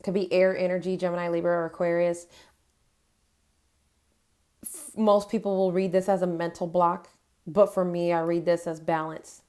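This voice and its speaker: Lower-voiced woman giving an emotional tarot reading. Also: flat delivery, normal speed, long pauses, darkish tone. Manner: earnest, emotional, encouraging; gives affirmations straight to her viewers. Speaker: tarot reader. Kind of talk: tarot card reading to camera.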